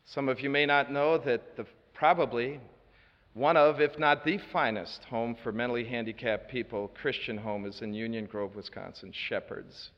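Preacher's story echoing in a hall. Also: male voice, mid-range voice, steady tone, normal speed. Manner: earnest, with dry asides and shifts between loud and hushed. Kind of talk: sermon storytelling. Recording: reverberant hall, dull lo-fi sound.

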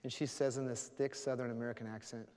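A man's voice: mid-range voice, level tone, quick pace, background noise. A man preaching a sermon, telling a story earnestly and closing in prayer. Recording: long hall reverb.

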